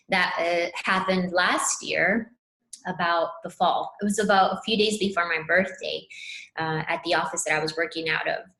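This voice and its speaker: A woman speaking as a spiritual counselor, telling a personal story in an earnest, animated way. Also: medium pitch, roomy sound. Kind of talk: casual conversation.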